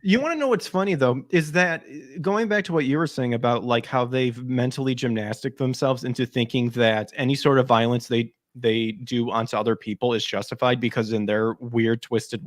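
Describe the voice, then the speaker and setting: A man's voice: mid-range voice, no echo, studio quality. A man co-hosting a casual chat, talking in a blunt, emphatic way with lots of fillers.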